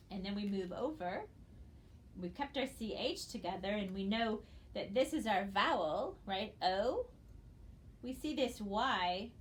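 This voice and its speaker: A woman's voice: medium pitch, a little hiss or hum. Patient woman teaching phonics. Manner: slow, patient, spells out letters one by one. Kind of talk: recorded phonics lesson for students.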